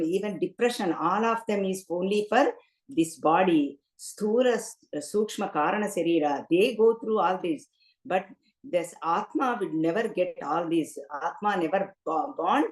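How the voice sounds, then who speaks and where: A woman giving a spiritual discourse, telling a scriptural story and chanting Sanskrit verses slowly. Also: on the low side, darkish tone. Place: temple hall. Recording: roomy hall echo.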